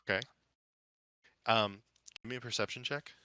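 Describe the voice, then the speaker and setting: A man's voice: on the low side, steady tone, a little slow, background noise. A man narrating as dungeon master, hesitant and full of fillers. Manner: hesitant, many fillers and restarts. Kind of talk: narrating a tabletop game.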